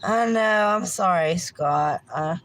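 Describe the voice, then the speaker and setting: A woman's voice: fairly low pitch, slow pace, low-quality recording. A middle-aged woman, hosting a livestream with a meandering rant, swearing freely and apologizing often. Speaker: livestream host.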